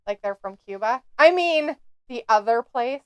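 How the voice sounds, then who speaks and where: A woman's voice: a little high, lively intonation, normal speed, clean tone, no room sound. A woman co-hosting a casual live stream, chatty and reading viewer comments aloud with frequent laughs. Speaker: co-host reading live chat.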